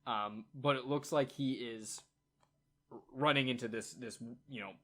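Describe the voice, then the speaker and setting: A man's voice: medium pitch, sharp tone. Casual male game master narrating. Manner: casual, halting narration with fillers.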